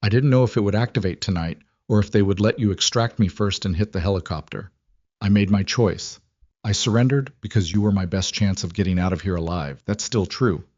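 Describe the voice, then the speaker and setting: Man playing a calm captive man, low voice, measured and careful, dull dry audio. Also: no echo, natural voice. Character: wary captured male target, calm and careful.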